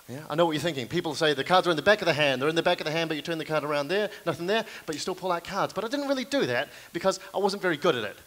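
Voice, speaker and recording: A young man with a New Zealand accent doing live stand-up comedy on stage, with self-deprecating, deadpan asides to the audience. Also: on the high side, rapid-fire, few pauses. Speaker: comedian and card manipulation performer.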